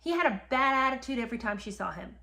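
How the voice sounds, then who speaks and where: A woman's voice: on the high side, expressive, fast talker, vocal fry, sharp tone. A woman hosting a history podcast, retelling events and reacting with indignation while talking straight to her listeners. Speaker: podcast host. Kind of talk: animated history commentary.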